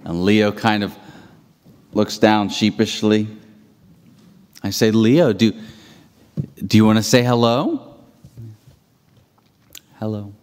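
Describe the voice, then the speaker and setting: A pastor preaching in a reverberant hall. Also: male voice, on the low side, takes it slowly, pauses often, a little mellow, smooth. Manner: storytelling with restarts and emphatic rising peaks. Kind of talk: sermon.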